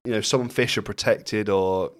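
A man with a lowish voice co-hosts a casual podcast chat. He talks bluntly and swears freely, with plenty of joking banter. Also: fairly even intonation, normal speed. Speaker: podcast co-host.

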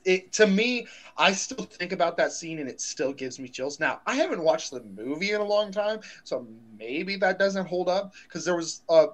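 A young man talks casually with a co-host, animated and slangy, leaning on fillers. His voice sits a little high. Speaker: podcast co-host. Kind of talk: casual chat.

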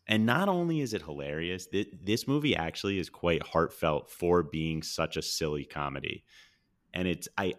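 A man with a strikingly deep, bass-heavy voice talks casually as a podcast host. He is enthusiastic and rambling, often restarting his sentences mid-thought. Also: a bit bright. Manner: enthusiastic, rambling, self-correcting. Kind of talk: casual movie review chat.

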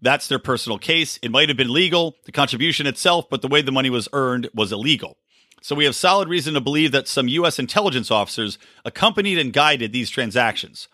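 Man, sarcastic political rant, bright lively voice, dry close sound. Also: medium pitch, fast, no room sound. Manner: ranting, sarcastic, swears freely. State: short on sleep. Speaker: podcast host. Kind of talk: solo political commentary.

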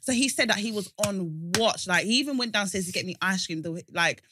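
A woman telling a story in casual chat, animated and laughing often. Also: medium pitch, a little fast, background noise.

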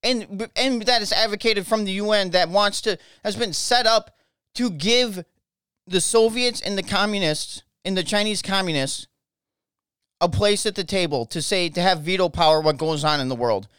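A man's voice: sits high, normal speed, a bit bright, clear, resonant tone, no room sound, studio quality. An American man hosting a podcast, ranting angrily with lots of swearing and stumbling restarts. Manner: angry, profane, repeats himself. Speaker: podcast host. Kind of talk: ranting political podcast monologue.

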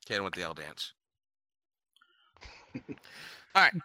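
A man's voice: deep voice, slow pace, no room sound. A man co-hosting a casual chat, telling profane stories and acting out the people in them. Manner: profane, animated storyteller doing voices. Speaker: podcast co-host.

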